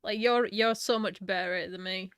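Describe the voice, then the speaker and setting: A woman from northern England co-hosting a casual livestream, self-deprecating and quick to giggle. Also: medium pitch, steady tone, a bit bright, smooth, no echo, clean studio sound. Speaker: co-host.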